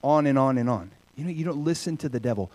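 Animated male preacher, lively pitch. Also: fast. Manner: animated, conversational preaching that swings between loud and hushed. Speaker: pastor. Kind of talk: sermon.

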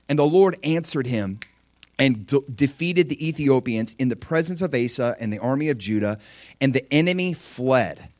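A man preaching a sermon, lively, acting out prayers and quotes. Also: medium pitch, normal speed, no room sound, clean studio sound. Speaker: pastor.

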